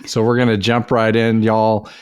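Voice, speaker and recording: A man's voice: on the low side, completely flat delivery, normal speed, clear, resonant tone, no echo, clean studio sound. A middle-aged man co-hosting a real estate podcast in a folksy, upbeat, joking way. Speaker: podcast co-host. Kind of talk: casual chat.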